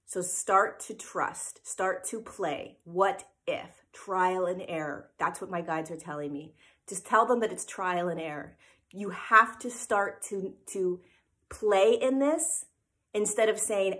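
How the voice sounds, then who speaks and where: Heard in a live event replay, a woman with a lowish, slightly bright voice gives an informal spiritual talk. She is earnest and emphatic, frequently asking her listeners "right?" after making a point.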